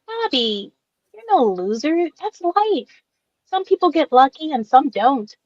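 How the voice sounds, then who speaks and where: A woman voicing a gentle, tearful young woman with cancer in an amateur radio drama, speaking softly and with feeling. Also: sits high, very animated, no echo. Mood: sad. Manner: soft, emotional, slow-spoken. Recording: dull dry lo-fi recording.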